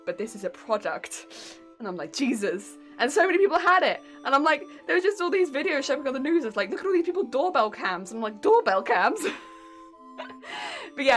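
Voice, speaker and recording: A young woman from England streams from home, chatting casually with her viewers in British English. Her voice is medium-pitched with a fairly bright tone, and she's giggly and talkative, reacting to the chat as it comes in.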